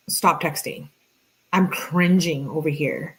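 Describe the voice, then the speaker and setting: A woman's voice: lowish voice, a little slow. A young adult woman reading out text messages between two people, adding sarcastic commentary as a true crime host. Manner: reads both sides flatly, interjects sarcastic asides.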